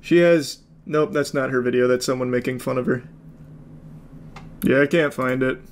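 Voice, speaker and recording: A man's voice: mid-range voice, steady tone, moderate pace. A man doing casual video reaction commentary, incredulous and sarcastic, swearing freely.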